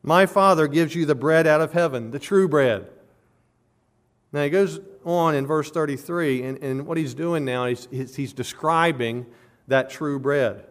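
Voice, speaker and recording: A man preaching a sermon, teaching through a passage verse by verse with a measured delivery that rises to emphatic stress on key words. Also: a little high. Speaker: pastor. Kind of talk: expository sermon.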